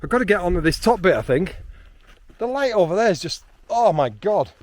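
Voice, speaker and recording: A man, chatting excitedly outdoors on a hilltop, with frequent ums. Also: high-pitched, a little fast. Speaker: landscape photographer. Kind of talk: casual vlog narration while hiking.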